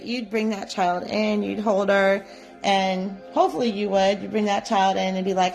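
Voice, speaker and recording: Woman leading a psychic class, soft coaxing talk, keeps saying right?, faint music behind. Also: medium pitch, moderate pace. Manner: gentle, coaxing, repeats "right?". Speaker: psychic development teacher. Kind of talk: guided live class instruction.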